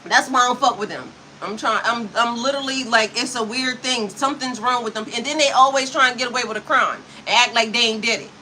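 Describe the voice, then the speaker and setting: A woman's voice: on the high side, fast, hardly any pauses, bright, forceful tone, a little hiss or hum, poor audio. A woman in her fifties, livestreaming to her chat in a sassy, profane way, with frequent laughter, talking into a computer mic. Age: 50s. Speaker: spiritual coach livestreaming to chat.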